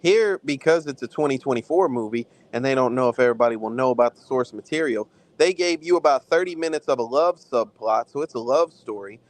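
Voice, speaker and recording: A man co-hosting a film review chat, talking in an animated, profane, slang-heavy way. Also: mid-range voice, a little fast, hardly any pauses, no room sound, low-quality recording. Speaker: podcast co-host reviewing films. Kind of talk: casual chat.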